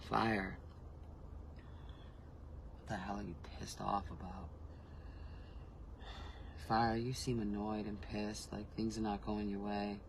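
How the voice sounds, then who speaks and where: A man's voice: on the low side, little pitch movement, slow pace, creaky, pauses often, slight background noise, low-quality recording. A man giving a casual spiritual reading. He talks frankly and rambles, often restarting his sentences, and he swears freely. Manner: frank, emotionally reactive. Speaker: intuitive reader.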